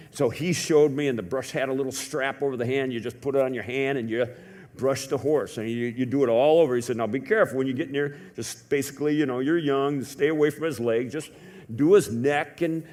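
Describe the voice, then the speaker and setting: A man preaching a sermon in a church, telling a story in a conversational way, swinging from hushed to loud. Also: mid-range voice. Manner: conversational with many fillers. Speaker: pastor.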